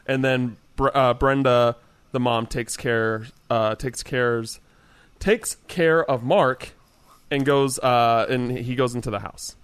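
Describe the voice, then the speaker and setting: Man, clear smooth voice, relaxed podcast recap, halting with "uh", dry close sound. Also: mid-range voice, no echo. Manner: relaxed recap with many "uh" pauses. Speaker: podcast co-host. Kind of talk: casual chat recapping a video game.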